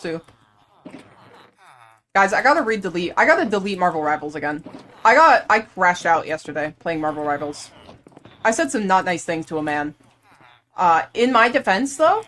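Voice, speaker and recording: A young woman with a slightly low voice chats loosely through a live gaming stream. She rambles from one thing to the next and laughs easily, in an offhand, conversational way. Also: fairly bright tone. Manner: chatty, rambling, quick to laugh. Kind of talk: casual chat while gaming.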